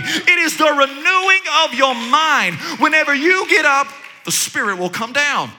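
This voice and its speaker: A man's voice: very high-pitched, lively intonation, moderate pace, sharp tone. A man preaching a sermon, repeating phrases rhythmically, calling out to his listeners and joking with them. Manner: rhythmic repetition, call-and-response exclamations, joking asides. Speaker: pastor.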